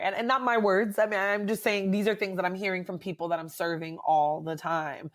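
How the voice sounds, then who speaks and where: A woman psychologist with a medium-pitched voice appears as a guest in a conversational interview. She's animated and fills her speech with fillers and tag questions.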